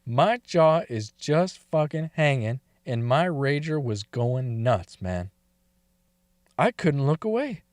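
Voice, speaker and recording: Brief: male storyteller, unhurried, swings his pitch a lot, profane and laughing, dry close sound. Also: sing-song, a little mellow, no echo. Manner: profane, laughs often between lines. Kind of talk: casual crude storytelling.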